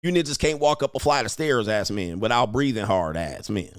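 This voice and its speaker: A man hosting a livestream, ranting at his viewers in a loud, mocking, insulting way. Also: on the low side, expressive, brisk, no room sound, clean studio sound. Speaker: online dating coach host. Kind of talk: livestream rant.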